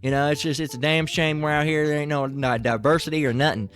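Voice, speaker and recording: A man's voice: fairly high pitch, steady tone, a bit bright, smooth, faint music behind, lightly acted. A man putting on a folksy country guy. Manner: folksy, rambling, drawn-out "man" tags. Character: friendly clueless rural Southern white man.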